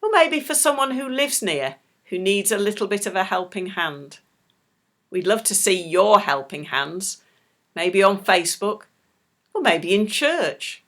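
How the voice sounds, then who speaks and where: A middle-aged woman leading a children's church talk, speaking slowly and gently to small children. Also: mid-range voice. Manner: slow, animated, talks warmly to small children.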